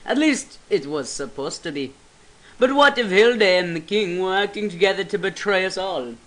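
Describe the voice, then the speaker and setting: A man's voice: high voice, animated, moderate pace, fairly bright tone, poor audio. A man voicing a stern male statesman in a video game, putting on a Scottish accent and speaking in a declamatory way. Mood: accusing. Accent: put-on Scottish.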